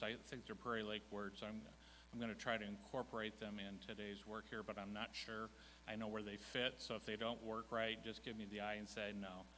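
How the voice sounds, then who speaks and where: A man's voice: lowish voice, bright, forceful tone, big-room sound, slight background noise, low-quality recording. A man chairing a ministry department, giving a folksy, self-deprecating, humorous church presentation. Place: church sanctuary.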